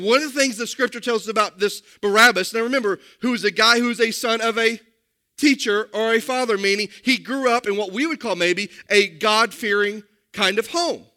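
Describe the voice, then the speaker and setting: A man's voice: high voice, pushed and bright. A man preaching a sermon, speaking emphatically and addressing the congregation directly with questions. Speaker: pastor.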